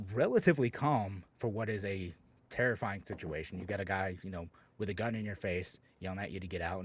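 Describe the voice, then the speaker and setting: A man's voice: deep voice, husky. A man hosting a call-in radio talk show, speaking casually with many fillers and restarts.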